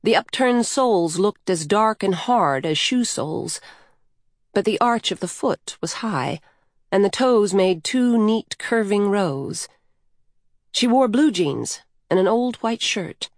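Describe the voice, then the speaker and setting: A woman narrating a story in an unhurried, measured way. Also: medium pitch, animated, no room sound, studio quality.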